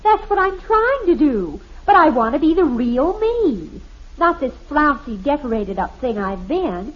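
A woman's voice: high-pitched, sing-song, unhurried. A woman playing a status-conscious, dramatic teenage daughter who puts on airs, in a 1950s radio sitcom. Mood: fretful. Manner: affected, putting on airs, theatrical. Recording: dull lo-fi old radio recording.

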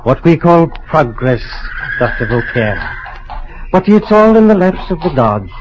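A skeptical American professor. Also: male voice, a little high, sing-song, a little slow. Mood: inquisitive. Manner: inquisitive and skeptical. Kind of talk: old-time radio drama. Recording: dull lo-fi old radio recording with faint hiss.

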